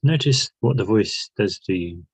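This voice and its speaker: A man's voice: on the low side, lively intonation, unhurried, husky, no echo, rough recording. A man leading a self-help workshop, talking through guided reflection with many questions and restarts. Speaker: workshop leader.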